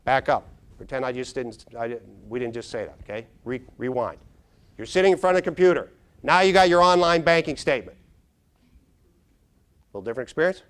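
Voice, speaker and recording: A middle-aged man, a neuropsychologist, giving an animated conference keynote, quizzing the audience and acting out little scenes. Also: medium pitch, brisk, long pauses, clear, resonant tone. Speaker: neuropsychologist speaker. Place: large conference hall.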